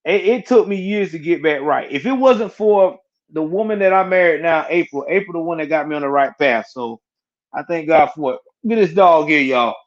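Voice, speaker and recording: Man telling his story, muffled audio. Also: on the high side. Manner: halting, repeats words, Southern US speech. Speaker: interview guest. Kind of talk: personal storytelling in casual chat.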